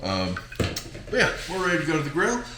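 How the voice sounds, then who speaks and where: A man's voice: a little high, wildly swooping pitch, moderate pace, roomy sound, noisy background. A man hosting a casual cooking demonstration, chatty and jokey with rambling asides. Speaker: cooking channel host.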